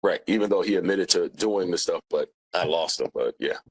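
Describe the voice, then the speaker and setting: Male witness, lowish voice, blunt and repetitive under questioning. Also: brisk, slightly rough, low-quality recording. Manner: plain-spoken, emphatic repetition. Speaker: witness, former union president.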